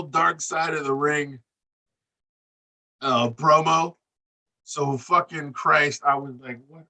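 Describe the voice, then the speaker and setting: A man on a casual wrestling podcast, talking loud and animated, cursing freely and laughing. His voice is bright and forceful. He sits a little back from the mic. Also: a little high, takes it slowly, vocal fry, long pauses, far from the mic. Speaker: podcast co-host recapping wrestling. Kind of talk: profane casual chat.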